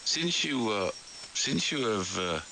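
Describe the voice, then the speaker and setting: Very deep, gravelly man, hesitant. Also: very animated, slow, sharp tone. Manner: hesitant, stammering restarts. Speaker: amateur radio operator. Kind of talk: casual radio chat. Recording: noisy amateur radio signal.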